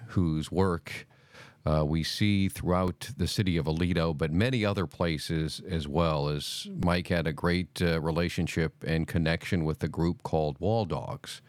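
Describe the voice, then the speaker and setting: A man hosting a radio interview, asking measured, deliberate questions. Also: low voice, fairly even intonation, no echo. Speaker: radio host.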